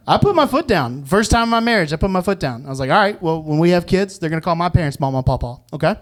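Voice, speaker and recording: A man with a drawl tells stand-up stories from a club stage into a handheld mic. His voice sits a little high, and he slips into the people he quotes and chuckles at his own jokes between lines. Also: slight background noise. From Virginia, US South. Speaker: stand-up comedian. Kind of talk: stand-up comedy set. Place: comedy club stage before a live audience.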